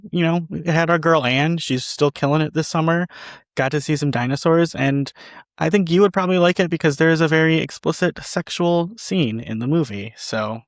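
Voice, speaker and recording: A man's voice: a little high, no echo. A man co-hosting a movie podcast in casual chat, rambling with hedges and dry teasing. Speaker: podcast co-host.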